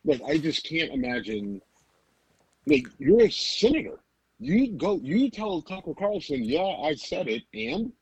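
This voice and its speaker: A man's voice: a little high, big pitch swings, a little slow, a little mellow, husky, low-quality recording. A man co-hosting a podcast, talking politics in an emphatic, incredulous way. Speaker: podcast co-host. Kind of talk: casual political chat.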